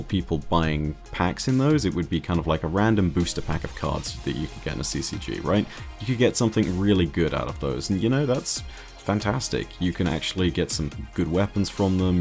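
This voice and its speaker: A man laying out gaming news in a clear, orderly, measured way during a casual discussion. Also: low voice, a little mellow. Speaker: guest commentator on a gaming discussion. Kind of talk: casual chat.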